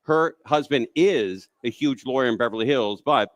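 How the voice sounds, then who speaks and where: A man's voice: medium pitch, normal speed, no room sound. Chatty male talk-show host. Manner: chatty, enthusiastic reactions. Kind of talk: casual radio talk.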